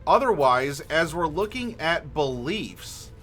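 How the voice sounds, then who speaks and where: A man hosting a livestream as game master, friendly and unhurried, asking chat for dice rolls and pausing with fillers. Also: on the high side, very animated, a bit bright, faint music behind. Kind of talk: livestream character creation, talking to chat.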